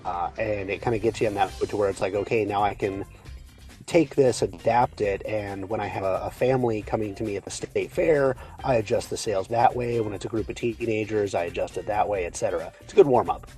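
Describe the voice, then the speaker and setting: A man's voice: fairly low pitch, a little fast, dark tone, soft background music. A man appearing as a guest on a casual podcast, speaking in a laid-back way with frequent filler words. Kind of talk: casual chat.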